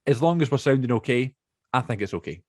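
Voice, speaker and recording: A man's voice: mid-range voice, lively intonation, quick pace, a little mellow, no room sound. Young male podcast host, dry close sound, rambly and chatty on a video call. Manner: chatty, rambling, self-correcting. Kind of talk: casual chat.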